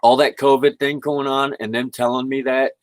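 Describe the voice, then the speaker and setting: A man at home talks at normal speed about spirituality on a casual livestream, using his computer microphone. His medium-pitched voice barely moves in pitch, and he rambles in a relaxed way, laughing often, over poor audio with no room sound.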